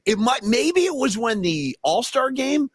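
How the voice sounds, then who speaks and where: A man's voice: very high-pitched, a little slow, breathy edge, no room sound. A man hosting a sports talk show in casual banter, telling stories and tossing in "dude" and "bro.". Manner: excitable storyteller, drops "dude" and "bro". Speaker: podcast host.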